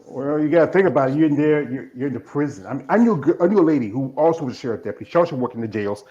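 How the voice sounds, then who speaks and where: A man's voice: mid-range voice, lively intonation, rapid-fire, dark tone. A man hosting an interview, casually passing along a story he heard secondhand. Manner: conversational, relaying a story secondhand. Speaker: interview host. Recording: dull lo-fi sound.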